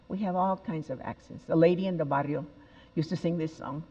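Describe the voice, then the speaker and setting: An older woman tells stories on a big stage, animated and expressive, with sudden bursts of emphasis. Her voice rings through a large auditorium with a long reverb. The sound is a little dull and muffled. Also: low-pitched, a little fast. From El Paso, Texas. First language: Spanish. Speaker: speaker at a TEDx event. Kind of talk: inspirational stage talk.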